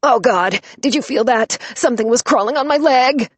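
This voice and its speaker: A woman's voice: mid-range voice, fairly even intonation, unhurried, dry recording, lightly acted. A woman narrating an audiobook, voicing a frantic, whiny young man who pleads in a panic. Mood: panicked. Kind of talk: audiobook character voice.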